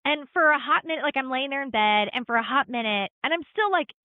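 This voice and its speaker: This middle-aged woman co-hosts a podcast, and her voice is high-pitched, animated and quick, recorded dry with a tinny, phone-like quality. Chatting casually, she tells a travel story stuffed with "like" and acted-out quotes.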